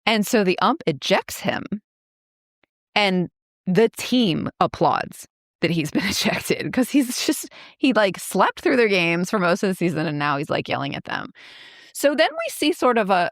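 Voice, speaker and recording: A woman's voice: lowish voice, no room sound, studio quality. A woman in her fifties co-hosting a podcast, retelling movie scenes in casual chat with lots of "like" and laughs. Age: 50s. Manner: chatty, many likes, laughs while retelling scenes. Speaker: podcast co-host.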